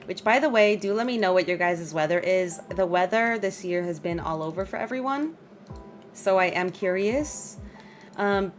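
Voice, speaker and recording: Chatty woman streamer at home. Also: mid-range voice. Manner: chatty, laughs often, talks to her dog and chat. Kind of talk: casual chat while streaming a game.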